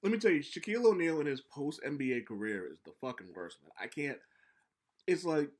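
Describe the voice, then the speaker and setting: Young male podcast co-host, casual and profane, slightly high voice, animated storyteller. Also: brisk.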